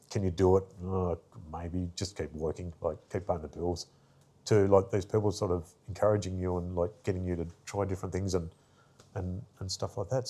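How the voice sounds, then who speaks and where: A man's voice: sits low, mellow. A man, an artist guest, telling stories in a rambling casual way with lots of fillers. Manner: rambling, many fillers, acts out quoted voices. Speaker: artist and arts worker, guest. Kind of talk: casual interview storytelling.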